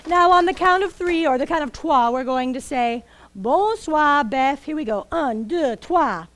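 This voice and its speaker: A woman telling a folktale live to children, animated and coaxing, asking the audience questions. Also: high voice, normal speed, no room sound. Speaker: storyteller. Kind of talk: live interactive storytelling for children.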